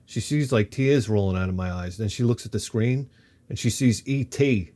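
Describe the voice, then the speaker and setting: A man in his fifties telling a rambling comic story as a vlogger, animated and quick to swear, jumping from one tangent to the next. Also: lowish voice. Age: 50s. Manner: animated, swears freely, jumps between tangents.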